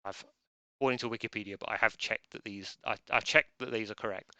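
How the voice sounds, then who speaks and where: A man's voice: fairly low pitch, fairly even intonation, fast talker, pushed and bright, clear, resonant tone, no room sound. A man hosting a live online quiz, joking drily and rambling. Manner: dry, rambling, self-deprecating jokes. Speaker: quiz host.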